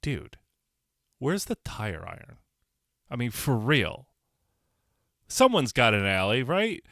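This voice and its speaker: Blunt, animated man from Connecticut. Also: mid-range voice, slow, vocal fry, no echo, clean studio sound. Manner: blunt, animated, swears and repeats himself. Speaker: podcast host. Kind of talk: casual solo commentary.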